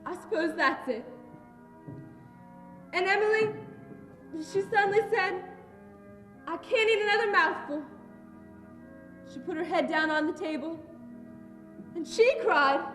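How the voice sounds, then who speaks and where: A woman's voice: extremely high pitch, unhurried, pauses often, fairly bright tone, faint music behind. A young woman acting a mother fretting tearfully over her daughter's wedding in a school play. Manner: tearful, musing monologue. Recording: echoey hall, far-off mic.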